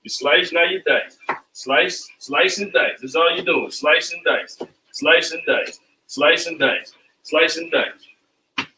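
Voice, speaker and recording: A man's voice: on the high side, takes it slowly, sharp tone, slight background noise. A man hosting a casual cooking livestream from his home kitchen, talking loosely and repeating phrases like a chant. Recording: echoey kitchen, mic at a distance.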